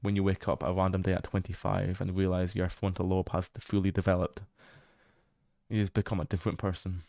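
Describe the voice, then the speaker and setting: A man's voice: low voice, flat delivery, a little fast, vocal fry, dark tone, no room sound, clean studio sound. A man streaming a horror game, chatting casually as he explores, laughing often and swearing now and then. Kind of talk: casual livestream commentary while exploring a game.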